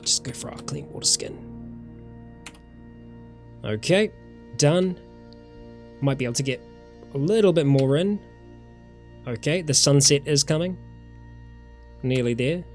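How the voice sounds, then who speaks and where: A man's voice: on the high side, lively intonation, measured pace, pauses often, faint music behind. A man from New Zealand with a New Zealand accent, casually commenting as he plays a survival game, thinking aloud and greeting viewers in chat. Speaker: let's-play host. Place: warm room at home.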